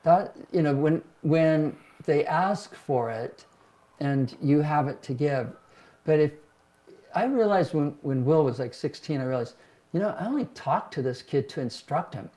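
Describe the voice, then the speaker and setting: A mellow, warm-toned older man speaking as a pastor and host. His pitch sits a little high for a man. He tells stories in a reflective, self-deprecating way and brightens when acting out what others said. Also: expressive, measured pace. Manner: reflective, self-deprecating, acts out quotes in livelier tones. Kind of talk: casual conversational storytelling.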